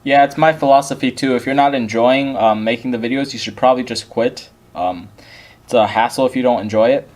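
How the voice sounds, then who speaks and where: A man hosting a casual interview, speaking hesitantly and filling his pauses with ums. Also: medium pitch, a little mellow. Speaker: host.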